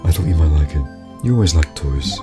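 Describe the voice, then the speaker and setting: A man voicing a calm, caring older sister who works as a lawyer, speaking gently. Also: rumbling low, fairly quick, over music. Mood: gentle.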